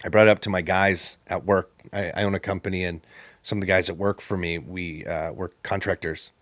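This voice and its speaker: Animated storytelling man, dry close sound. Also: low voice, fairly quick, dry recording. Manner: animated, acts out the people he quotes. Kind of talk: personal storytelling in conversation.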